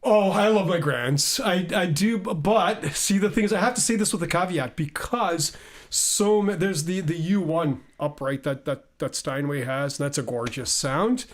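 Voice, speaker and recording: In a casual interview, a middle-aged guest pianist tells stories with animation and laughter, often repeating his words. His voice is on the high side and his pace moderate.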